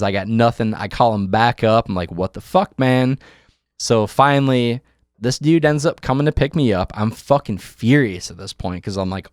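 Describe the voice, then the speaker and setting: A man's voice: mid-range voice, dry recording. Guy ranting through a story, swearing a lot, dry close mic. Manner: profane, animated storyteller who acts out quotes. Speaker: podcast host. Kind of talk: casual storytelling chat.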